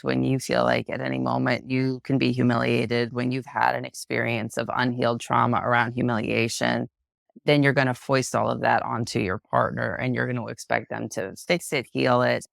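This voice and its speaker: A woman psychotherapist speaking as a podcast guest in an unscripted, frank and personal way, reflective and expressive. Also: extremely low pitch, gravelly, no echo, studio quality. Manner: reflective, expressive, acts out quoted voices.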